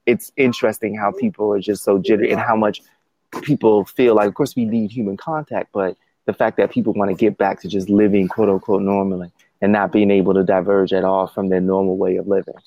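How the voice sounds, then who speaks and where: A man's voice: on the low side, flat delivery, fairly quick, warm tone, dull audio, slight background noise. A man chatting casually, laughing often and rambling with restarts. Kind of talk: casual chat.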